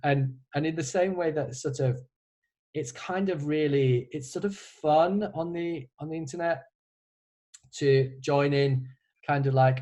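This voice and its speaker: A man's voice: on the high side, measured pace, dark tone, poor audio. A man who is a composer, answering student questions on a video call in a casual, hesitant way, with many restarts and a wry humor. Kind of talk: casual online Q&A.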